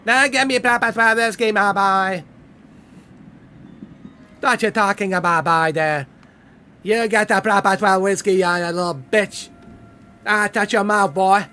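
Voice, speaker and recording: Streamer doing a brash bullying tough guy, loud, raised pitch, hissy stream audio. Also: fairly even intonation, a little slow, pauses often. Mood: bossy. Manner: shouting, bullying, mock threats.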